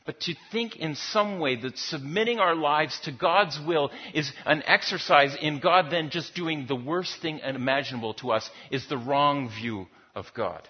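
A man's voice: a little high, a little slow, few pauses, slightly rough. A man preaching a sermon in a conversational, storytelling manner, often repeating words as he goes. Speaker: pastor. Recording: dull lo-fi recording.

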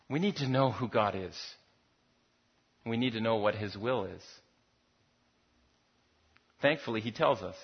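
Husky-voiced man preaching a sermon. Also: mid-range voice. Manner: conversational storytelling, repeats words. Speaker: pastor. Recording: dull lo-fi recording.

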